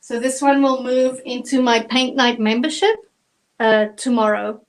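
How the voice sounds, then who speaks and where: A woman's voice: on the high side, fairly even intonation, a little slow, rough recording. A woman from South Africa with a South African accent, chatting through a live acrylic painting tutorial step by step. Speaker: painting instructor.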